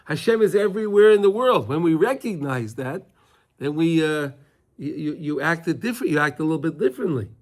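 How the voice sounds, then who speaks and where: A man with a somewhat raised pitch leads a casual Torah class in front of students. He talks in a loose, repetitive way and keeps checking in with his listeners to be sure they follow. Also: expressive, a little fast, a little mellow. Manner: repetitive, conversational, often checking in with "right?". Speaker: Torah teacher.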